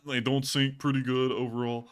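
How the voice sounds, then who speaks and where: Chatty man, bright voice. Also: mid-range voice, lively intonation, measured pace. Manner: chatty, rambling, joking asides. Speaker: livestream host. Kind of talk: casual live commentary.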